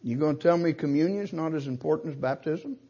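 A man's voice: a little high, fast talker, slightly rough, muffled recording. An older man preaching a sermon, pressing his point with rhetorical questions and punching key words. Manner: emphatic, rhetorical questions, rising to loud stresses.

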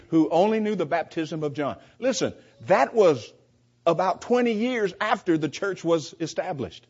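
A man with a fairly high, husky voice teaches a Bible class emphatically, posing rhetorical questions and repeating his words often. The recording is dull and lo-fi.

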